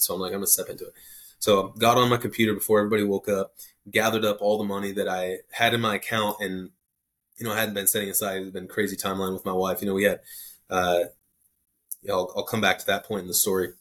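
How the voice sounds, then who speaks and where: A young man telling a personal faith story in a casual, rambling way, full of restarts and quick asides. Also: lowish voice, a bit bright. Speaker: podcast guest sharing testimony.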